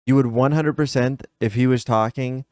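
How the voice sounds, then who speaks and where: A man's voice: medium pitch, steady tone, moderate pace, a little mellow, no room sound, studio quality. A man streaming a casual reaction to a video, nitpicky and emphatic as he talks straight to his viewers.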